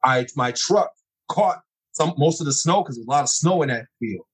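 A middle-aged man telling personal stories in conversation, acting out scenes with sudden high exclamations. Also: animated, moderate pace, husky, rough recording. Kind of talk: animated storytelling in conversation.

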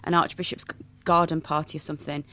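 A woman priest with a regional English accent, telling stories in a playful, animated way during an interview. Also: deep voice, quick pace. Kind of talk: conversational interview.

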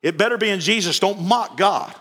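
A man's voice: sits high, a little fast, fairly bright tone, slightly rough. A male pastor preaching an evening sermon, telling folksy stories and repeating his phrases. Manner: folksy storytelling, repeats phrases, acts out dialogue. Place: church sanctuary. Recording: reverberant church hall.

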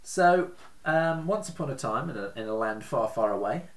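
A man's voice: medium pitch, expressive, moderate pace. A man hosting a casual podcast, telling stories in a chatty way and laughing often. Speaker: podcast host.

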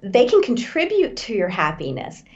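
A woman's voice: medium pitch, wildly swooping pitch, moderate pace. Woman guest on a podcast, earnest and thoughtful, sound a bit dull and muffled. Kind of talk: interview answers.

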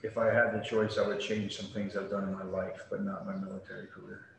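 A man's voice: fairly low pitch, monotone, a little fast, vocal fry. A middle-aged man, a retired Air Force veteran, telling his story bluntly and at length in an interview, with salty language. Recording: very echoey room with faint noise.

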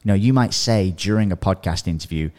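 A slightly low-voiced man coaches his listeners in a loose, chatty podcast style. He talks with animation, drops in "you know" and "right?" often, and slips into sample dialogues as he teaches. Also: brisk, darkish tone. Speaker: podcast host and business coach. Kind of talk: casual coaching talk.

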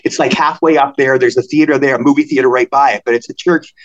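Older guy from maryland, talks super fast, does little voices for people in his stories, kinda muffled recording. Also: mid-range voice. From Maryland, USA. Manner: animated anecdotes, acting out quoted voices. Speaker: guest. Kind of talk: storytelling in a podcast interview.

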